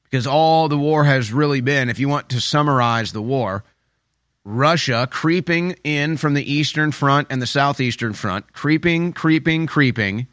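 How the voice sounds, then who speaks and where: A man's voice: mid-range voice, normal speed, a bit bright, no echo, clean studio sound. A man giving an opinion commentary monologue, emphatic and sarcastic, with a habit of repeating phrases for effect. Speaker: political commentator.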